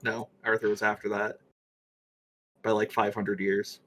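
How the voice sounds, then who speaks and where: A man's voice: lowish voice, completely flat delivery, measured pace, a bit bright, slight background noise. A man running a tabletop game on a stream, chatting casually with a laughing, self-mocking manner. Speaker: game master.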